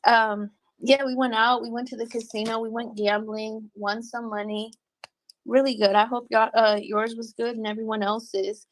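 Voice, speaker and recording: A woman livestreaming and reading her chat, talking bluntly with lots of cursing and quick laughs. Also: on the high side, flat delivery, no room sound. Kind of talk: casual livestream commentary.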